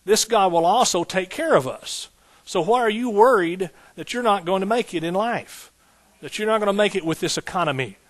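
A man's voice: high voice, expressive, moderate pace. A man preaching a sermon as pastor, building points through rhythmic repetition and folksy asides.

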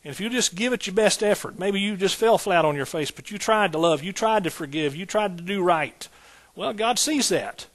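A man preaching from the pulpit, his voice sitting a touch high for a man. He drives his points home with repeated phrases and slips into homey, conversational asides between them. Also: lively intonation, normal speed. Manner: repetitive preaching cadence, folksy asides. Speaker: pastor. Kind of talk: sermon.

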